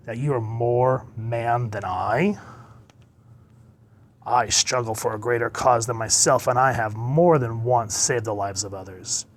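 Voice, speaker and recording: A man's voice: medium pitch, lightly acted. A man reading as Colossus, stern hero. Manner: reading comic dialogue aloud with emphasis. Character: stern adult male armored hero scolding a brother.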